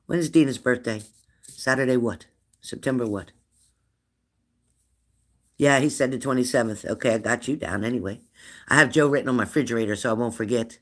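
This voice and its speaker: A middle-aged livestream host reads viewer comments in a casual chat, teasing the audience and repeating what he asks. His mid-range voice is a bit bright, and he talks briskly but pauses often.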